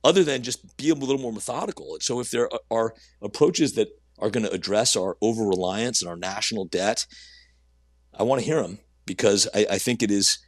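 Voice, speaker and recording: Brief: male CEO guest, low husky voice, earnest and halting, close dry mic. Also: dry recording. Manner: earnest, halting, many restarts. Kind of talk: conversational interview answers.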